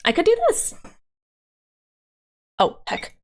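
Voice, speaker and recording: Woman streamer, unhurried, giggly, talks to herself while working, lots of "um" and "like". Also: a little high, very animated, darkish tone. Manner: thinking aloud while working, giggly, filler-heavy. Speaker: livestreamer. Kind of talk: casual livestream chat.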